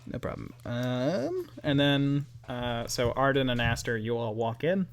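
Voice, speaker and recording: A man narrating as game master over a call, relaxed and chatty, with fillers and laughs. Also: medium pitch, a little slow.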